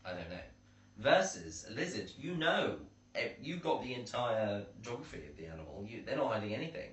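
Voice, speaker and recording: A man's voice: medium pitch, big pitch swings, fairly quick, a bit bright, recorded from a distance. A man co-hosting a podcast in casual chat, dry and wry. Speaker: podcast co-host. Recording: roomy sound, set back from the mic.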